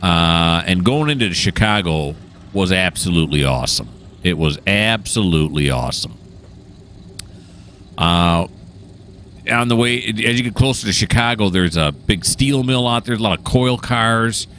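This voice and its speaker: Low-pitched male game host, casual and rambling, full of ums and uhs. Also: animated, normal speed, fairly bright tone, a little hiss or hum. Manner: rambling, enthusiastic, many filler sounds. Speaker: train simulator gameplay host. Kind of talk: casual gameplay commentary.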